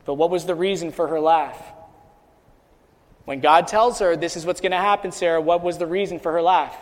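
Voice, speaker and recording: Man, pastor, sermon, high voice, repeats phrases, echoing hall. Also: fairly quick. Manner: rises in pitch and volume as he builds intensity; repeats and restarts phrases while preaching. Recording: long hall reverb.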